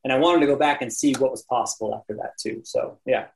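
A man guesting on a podcast, telling a backpacking story in a casual, animated way, acting out other people's lines and often laughing. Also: mid-range voice, fast talker, gravelly, low-quality recording. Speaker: podcast guest, landscape photographer.

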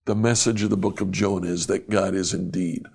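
A man's voice: low-pitched, fairly even intonation, a little fast, creaky, darkish tone, husky. A man giving an earnest devotional comment on a Bible book.

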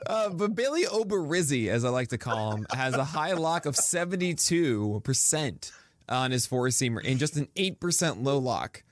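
A man talking through numbers in a relaxed, chatty podcast, quick to laugh at his own jokes. His voice sits at an average pitch. The sound is dry and close, with no room echo. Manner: stat-heavy, talks fast and laughs at his own puns. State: drinking coffee. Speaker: podcast co-host. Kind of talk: casual fantasy baseball podcast chat.

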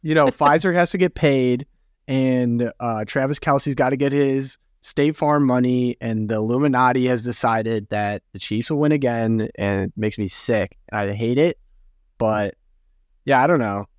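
A man's voice: mid-range voice, unhurried, dry recording, clean studio sound. A young man hosting a podcast, chatting loosely and joking, with plenty of fillers. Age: young adult. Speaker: podcast host. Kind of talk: casual podcast chat.

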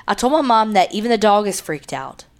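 A woman with a voice of ordinary pitch co-hosts a podcast. She reads listener letters aloud in a plain, steady way and chats casually between them. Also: fairly quick. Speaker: podcast co-host.

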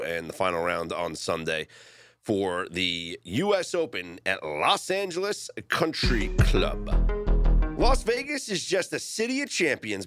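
A man hosting a sports betting show, chatting casually and getting excited as he talks. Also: deep voice, clean tone, no echo, clean studio sound.

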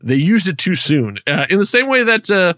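A man in his forties co-hosts a casual podcast, with a voice that sits high and leaps around as he retells scenes. He acts out his own reactions as he goes. The sound is dry and close. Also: sing-song, moderate pace, bright, forceful tone, no room sound. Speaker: podcast co-host. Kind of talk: casual chat.

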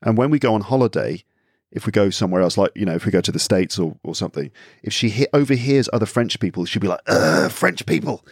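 A man's voice: lowish voice, fast, no echo, clean studio sound. A middle-aged man with an English accent, chatting as a podcast guest and acting out little asides as he talks. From England. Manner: chatty, animated storytelling with acted-out asides. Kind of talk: casual podcast conversation.

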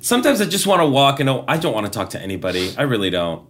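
Expressive man with a lively, swooping pitch. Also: fast. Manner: expressive, dramatic reactions, gasps. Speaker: podcast co-host. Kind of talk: casual chat.

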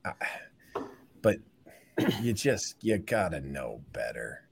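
A man hosting a casual sports podcast, thinking out loud and restarting his sentences. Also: low-pitched, very animated, slow, gravelly, a little hiss or hum. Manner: rambling, stops and restarts to rethink. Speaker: podcast host.

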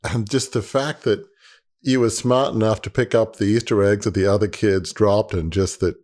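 A man's voice: on the low side, fairly even intonation, normal speed, darkish tone. A male podcast host responding reflectively and affirmingly to his guest's story. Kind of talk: conversational interview.

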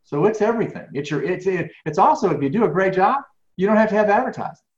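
A man's voice: sits high, fast. A man telling stories in an interview, acting out dialogue with lots of repeated words. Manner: animated storyteller, acts out dialogue, repeats words. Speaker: professional speaker, guest. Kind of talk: storytelling interview answers. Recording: echoey, dull lo-fi audio.

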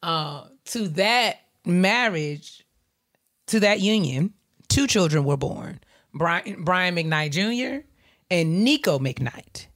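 A woman co-hosting a podcast, calmly laying out background details in casual chat. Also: on the low side. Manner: measured, reads out details. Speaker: podcast co-host. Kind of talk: casual chat, recounting news.

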